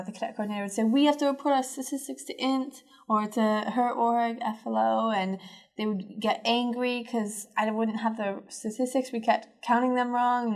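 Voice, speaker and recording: A woman adding her own earnest account in an interview, speaking briskly. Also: medium pitch. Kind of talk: personal testimony.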